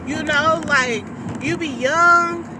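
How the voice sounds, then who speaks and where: A woman's voice: sits high, slow pace. A woman on maternity leave chatting candidly in slangy, laughing casual talk from her car. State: new mother on maternity leave. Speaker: vlogger. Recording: distant mic, road noise. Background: car and road noise.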